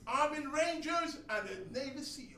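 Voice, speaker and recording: A man delivers a sermon with a high, bright voice, pressing points hard and then dropping low. He sounds far from the mic in a roomy, echoing space. Faint background noise hangs under him. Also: normal speed. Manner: emphatic, swings between loud and soft. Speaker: congregation teacher. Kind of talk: sermon teaching. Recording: echoey room, distant mic, faint noise.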